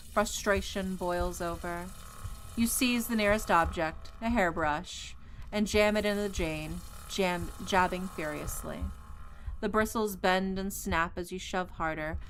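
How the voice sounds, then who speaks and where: A woman streaming a horror visual novel, reading its narration in a measured, atmospheric way with casual asides. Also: lowish voice, fairly bright tone, slight background noise.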